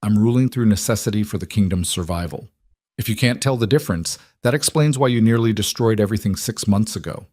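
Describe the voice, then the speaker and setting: A man with a low voice speaking as a cold, ruthless queen who rules alone, in an icy, clipped and commanding way. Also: fairly quick, mellow, no echo, clean studio sound, close to an everyday voice.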